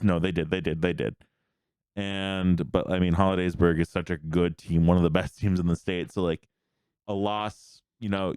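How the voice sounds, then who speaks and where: Sports podcast host, man, low voice, smooth and dry, rattles through scores casually. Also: darkish tone, no room sound. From Pennsylvania. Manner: quick, rambling recap of scores.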